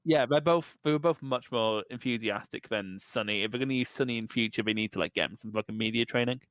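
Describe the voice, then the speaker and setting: A man's voice: mid-range voice, fast, a bit bright, dry recording. A man co-hosting a casual podcast chat, giving blunt opinions and swearing casually. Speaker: podcast co-host.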